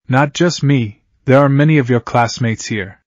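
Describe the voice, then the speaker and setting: A kind, gentle schoolteacher speaks calmly and coaxingly, as a man reading the story voices her. The voice stays mid-pitched and close, with dry, slightly muffled sound. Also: moderate pace, no room sound, close to an everyday voice. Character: gentle, kindly female schoolteacher. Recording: dull, dry close recording.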